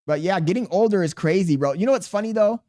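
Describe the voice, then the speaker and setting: Guy streamer, kinda high voice, cussing a lot, riffing on chat messages, slangy. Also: fast. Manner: profane, joking banter with chat; slangy and animated. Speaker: live streamer. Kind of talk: casual live-stream chat, reading chat aloud.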